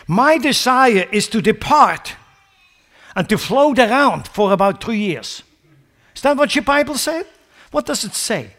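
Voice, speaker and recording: A man's voice: high voice, a bit bright. A man preaching a sermon, asking rhetorical questions and mocking wrong ideas with sarcastic paraphrases before stressing his point. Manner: rhetorical questions, rising to emphatic peaks.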